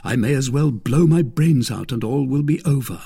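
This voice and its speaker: A man voicing a young, impetuous musketeer in a read-aloud novel, urgent and agitated, with a gravelly, husky voice. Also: medium pitch, normal speed, warm tone, voice pushed up.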